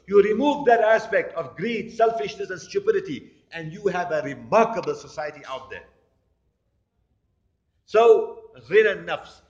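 A man's voice: high-pitched, expressive, measured pace, dull audio. A man preaching a sermon to a congregation, telling stories and acting out the people he quotes. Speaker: imam.

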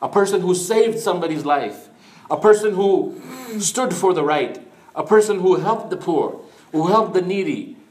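A man's voice: high voice, lively intonation, moderate pace, a little mellow, echoey room. A man preaching an Islamic sermon in an earnest storytelling manner, mixing in Arabic phrases.

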